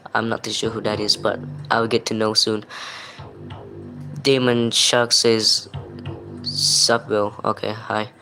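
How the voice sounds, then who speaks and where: A man's voice: on the low side, sharp tone, rough recording. A man from Malaysia, hosting a livestream and reading viewers' chat messages aloud in a plain, apologetic way. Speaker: livestream host.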